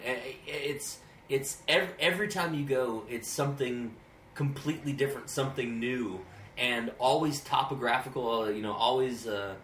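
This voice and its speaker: A man's voice: medium pitch, fairly bright tone. A man from Texas, a podcast co-host, chatting casually and enthusiastically, often stammering through restarts. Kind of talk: casual chat. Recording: roomy echo with faint hiss.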